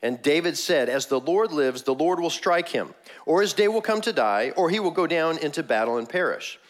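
A man preaching a sermon, telling the story with animated energy and frequent laughs. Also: on the high side, moderate pace. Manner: animated storytelling, laughs often, acts out quotes. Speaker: pastor.

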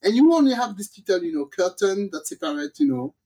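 Animated, husky-voiced woman storyteller. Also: mid-range voice, fast. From Caribbean. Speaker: podcast host. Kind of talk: casual storytelling chat.

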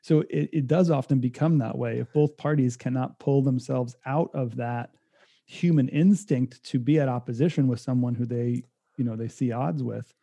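Gravelly man, very dark and warm tone, reflective explainer in casual talk. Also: medium pitch, moderate pace. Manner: reflective, explains with acted-out quotes.

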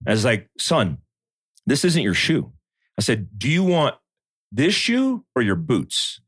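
A man in his thirties chats casually, telling a story animatedly and acting out the quotes. His medium-pitched voice is slightly rough and a little slow, recorded at studio quality with no room sound.

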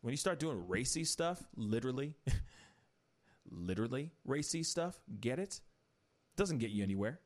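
A man's voice: mid-range voice, expressive, unhurried, long pauses. A man hosting a casual talk show, chatty and laughing easily. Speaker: host.

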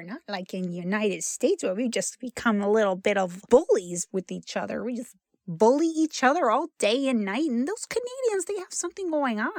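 A woman's voice: fairly high pitch, no room sound, clean studio sound. Joking woman with a sore jaw. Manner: self-deprecating, jokey, trailing asides. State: struggling to open her mouth. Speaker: podcast host reading credits. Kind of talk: casual, rambling credits read.

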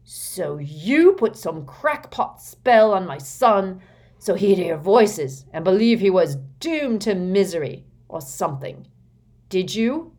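Loud, bullying middle-aged man, read by a woman, roaring and blustering in a storybook. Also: on the low side, very animated, normal speed, slightly rough. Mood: furious.

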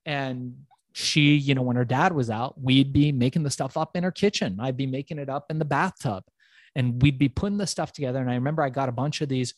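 Animated middle-aged man telling a story. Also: mid-range voice, a little fast, no room sound. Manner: animated storyteller who acts out dialogue, swears freely. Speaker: guest. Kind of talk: casual storytelling interview.

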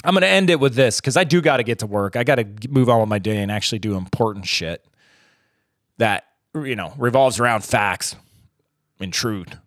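Blunt, profane American podcast ranter. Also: male voice, on the low side, expressive, fairly quick, a bit bright, dry recording, studio quality. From United States. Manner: rambling, with restarts and trailing off. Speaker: podcast host. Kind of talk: solo podcast rant.

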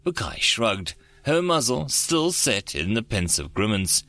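A man reading an audiobook in measured, steady scripted narration. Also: fairly low pitch, no room sound.

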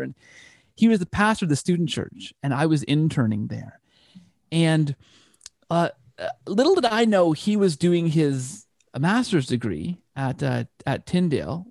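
A man's voice: mid-range voice, gravelly, a little mellow, dry recording, studio quality. A man telling a long personal story in an interview, full of restarts and asides. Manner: rambling, frequent restarts. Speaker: interview guest. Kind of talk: conversational storytelling.

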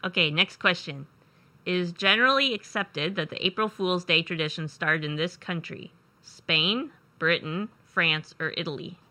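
A woman's voice: lowish voice, normal speed, bright, forceful tone. A woman co-hosting a radio show, reading trivia questions in casual banter. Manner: upbeat, reads questions aloud. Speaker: radio co-host running a quiz.

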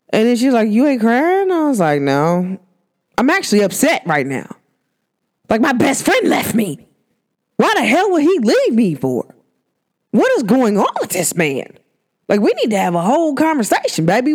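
A woman's voice: lowish voice, darkish tone. A woman in her thirties hosting a casual spiritual talk, slangy, rambling and candid. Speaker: podcast host.

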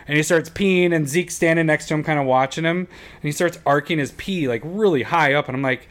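A man's voice: a little high, moderate pace, fairly bright tone. A man in his thirties co-hosting a podcast, telling a story in casual chat and laughing often. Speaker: podcast co-host.

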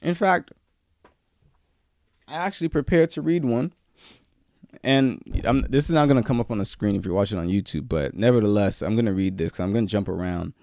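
A man preaching a sermon, moving between loud, emphatic peaks and quiet, low-key stretches, with casual slang mixed in. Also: a little fast, long pauses, no echo, studio quality.

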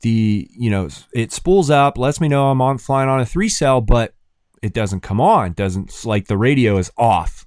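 A man co-hosting a casual podcast, telling lively stories and acting out what people said. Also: medium pitch, moderate pace, no room sound, studio quality. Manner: animated storyteller, acts out others' lines. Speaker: podcast co-host. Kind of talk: casual chat.

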